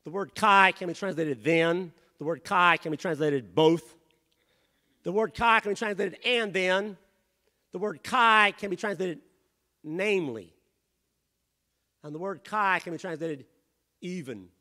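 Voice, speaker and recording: A man preaching a sermon as pastor in a church, rising to shouted emphasis and dropping to quiet asides. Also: sits high, a little slow, pauses often. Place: church sanctuary.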